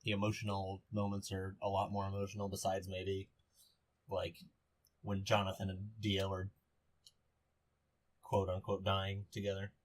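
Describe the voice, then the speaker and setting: A young man co-hosting a podcast in casual chat, relaxed and offhand. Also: low-pitched, normal speed, long pauses, slight background noise. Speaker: podcast co-host.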